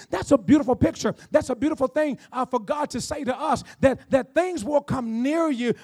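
High-voiced emphatic male preacher. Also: darkish tone. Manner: emphatic preaching with repetitions and call-and-response; slows down to draw out key phrases. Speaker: pastor. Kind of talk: sermon. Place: church sanctuary.

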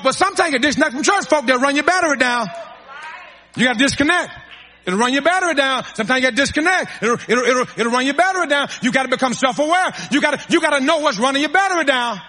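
A man's voice: very high voice, sharp tone, big-room sound. A man preaching a sermon, calling to his congregation and repeating phrases to drive points home.

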